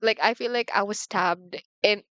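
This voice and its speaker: A woman's voice: mid-range voice, normal speed, pushed and bright, no echo. Rambling young woman vlogging candidly. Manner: rambling, heavy on "like", candid and slangy. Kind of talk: casual confessional chat to camera. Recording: slightly muffled, dry room.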